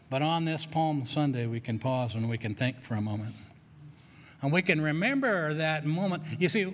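A man's voice: on the high side, long reverb tail. A man preaching a sermon as pastor, who often restarts and repeats words while searching for them. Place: church sanctuary.

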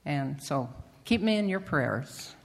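A lay member of a church speaks from the pulpit, giving a halting testimony and announcements full of fillers and restarts. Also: medium pitch, lively intonation, gravelly. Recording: long reverb of a church hall.

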